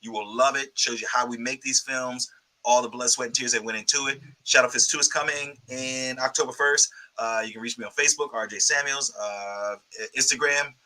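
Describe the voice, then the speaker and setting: A man's voice: medium pitch, steady tone, fairly quick, bright, forceful tone, low-quality recording. A man guesting on an interview show, casually thanking people and plugging his work with lots of ums and restarts. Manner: rambling, grateful, many ums. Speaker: guest filmmaker.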